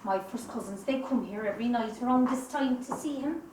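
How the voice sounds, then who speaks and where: A woman's voice: fairly high pitch, fairly quick, natural voice. A woman playing a firm, spirited countrywoman in an amateur stage play, heard from far off on an echoey stage. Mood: gentle. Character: proud, firm young Irish countrywoman. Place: theatre stage. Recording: echoey stage recorded from far off with faint hiss.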